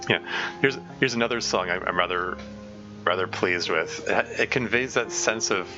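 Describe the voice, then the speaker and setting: A man's voice: deep voice, normal speed. Man giving casual developer commentary. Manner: casual and self-deprecating, with stammered restarts. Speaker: game mod developer. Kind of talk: let's-play narration and developer commentary. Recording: dull lo-fi sound with music behind.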